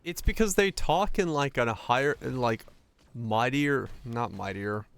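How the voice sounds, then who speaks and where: A man's voice: mid-range voice, a little slow, creaky, smooth. A young man chatting casually while gaming, rambling in a profane way with lots of stammered restarts. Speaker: streamer.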